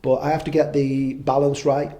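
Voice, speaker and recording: A man's voice: medium pitch, flat delivery, moderate pace, dark tone. A man in his fifties, a podcast guest, chatting casually in a rambling way, swearing freely and making fun of himself. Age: 50s. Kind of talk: casual conversation.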